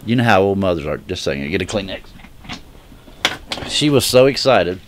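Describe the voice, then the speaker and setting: A man giving an emotional personal religious testimony straight to viewers. He speaks earnestly and haltingly, often restarting his sentences. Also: low-pitched, lively intonation, background noise. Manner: earnest direct appeal to viewers. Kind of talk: heartfelt personal testimony to camera.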